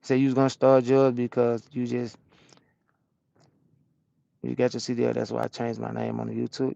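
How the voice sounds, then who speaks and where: A man who drives a truck, chatting casually with his stream chat from his cab and answering questions out loud in loose slang. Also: medium pitch, monotone, normal speed, creaky, long pauses, dry recording. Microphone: small camera-mounted microphone.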